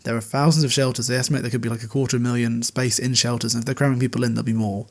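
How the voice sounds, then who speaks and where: A man's voice: mid-range voice, flat delivery, racing. A man hosting a podcast, chatting casually in a recap, laughing often and swearing freely. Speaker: podcast host.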